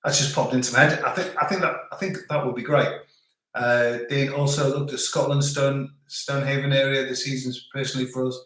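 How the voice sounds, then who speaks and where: A man's voice: medium pitch, level tone, a little fast, fairly bright tone. British man chatting in a very echoey room. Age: middle-aged. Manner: rambling, with frequent restarts and filler. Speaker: channel host reading live chat. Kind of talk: casual live stream chat.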